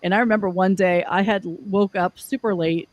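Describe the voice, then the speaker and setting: A woman's voice: mid-range voice, fairly even intonation, moderate pace, dry recording, rough recording. A woman hosting a live podcast, telling stories in a frank, profane way. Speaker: podcast host. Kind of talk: casual chat.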